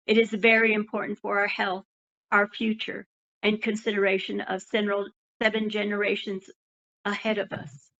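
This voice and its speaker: A woman's voice: medium pitch, a bit bright, muffled recording. A woman giving a hesitant public comment at a hearing.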